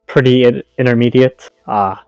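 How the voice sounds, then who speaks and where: A man's voice: mid-range voice, steady tone, normal speed, a little mellow, clean tone, no room sound, dull audio. A man playing a tabletop game who talks politely and hesitantly, with frequent fillers. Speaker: player. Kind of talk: tabletop role-play.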